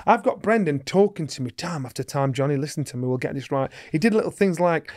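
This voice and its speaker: A middle-aged man, a former boxer telling stories as a guest, acting out the voices of others and rising to shouts. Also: a little high, expressive, fast. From England. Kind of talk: animated storytelling.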